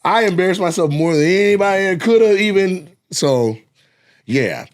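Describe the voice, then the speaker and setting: A man co-hosting a podcast, telling a profane, animated story and acting out scenes with sound effects. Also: high-pitched, normal speed. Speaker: podcast co-host, comedian. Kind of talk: casual storytelling chat.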